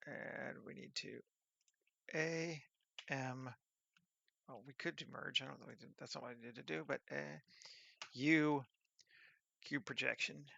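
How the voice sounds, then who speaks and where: Gravelly man muttering to himself while working. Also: mid-range voice, fairly even intonation, slow, pauses often, bright, forceful tone, dry recording, lo-fi sound. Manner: mutters half-finished commands to himself. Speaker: 3D artist working on a scene. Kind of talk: thinking aloud while working on screen.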